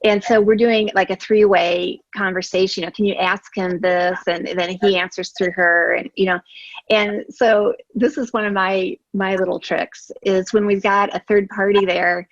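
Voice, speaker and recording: American woman, practitioner guest, animated storyteller, dry and slightly muffled sound. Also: mid-range voice, normal speed, no room sound. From United States. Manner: animated, chatty, with little exclamations. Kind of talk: casual storytelling chat. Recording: dull, dry recording.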